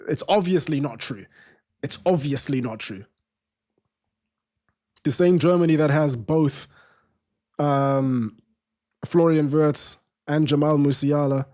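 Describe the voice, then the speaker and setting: A man's voice: fairly high pitch, a little slow, long pauses, warm tone. A man hosting a live football watchalong stream, chatting casually, restarting sentences and reading viewer comments aloud.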